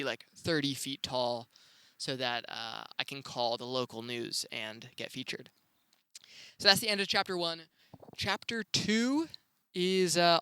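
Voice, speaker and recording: Young male host, bright and clear tone, chatty solo storytelling with a close, dry sound. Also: fairly high pitch, no room sound. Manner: laid-back, chatty, with excited rises. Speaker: podcast host.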